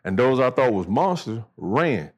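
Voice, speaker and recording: A man's voice: big pitch swings, unhurried. A blunt, foul-mouthed middle-aged man sits in on a podcast and tells stories from his military service. His voice sits in an ordinary middle register, then leaps up when he acts out the people he quotes. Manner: profane, blunt, acts out quoted dialogue with jumps in pitch. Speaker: podcast guest, military veteran. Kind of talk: casual storytelling chat.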